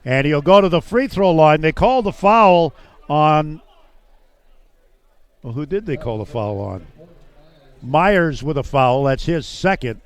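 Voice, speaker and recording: A man's voice: a little high, expressive, takes it slowly, pauses often, clear, resonant tone, dry recording. A man calling a live basketball game play by play, chatty and thinking aloud as he goes. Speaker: play-by-play announcer.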